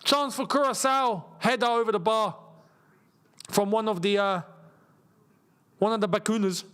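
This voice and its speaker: A young man hosting a live football watchalong, chatting casually and reacting loudly to chances on the pitch. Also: steady tone, moderate pace, smooth. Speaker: football channel host. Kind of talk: live match watchalong chat.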